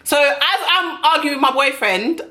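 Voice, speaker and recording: Young woman ranting a storytime vlog to camera, bright sharp voice, kinda high, swears a lot. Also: normal speed. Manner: brash, profane and animated. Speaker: vlogger.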